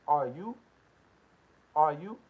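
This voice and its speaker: A man with an American accent delivers a heated commentary rant in a high, piercing voice. He is confrontational and profane, hammering the same short questions over and over. The audio is dull and lo-fi. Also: animated, slow, slightly rough. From United States. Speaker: political commentary host.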